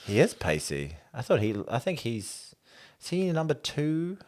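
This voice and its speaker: A man's voice: medium pitch, huge pitch swings, measured pace, darkish tone. A man, co-hosting a casual podcast chat, rambling and laughing as he talks. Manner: rambling, trails off mid-sentence, laughs while talking. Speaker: podcast co-host.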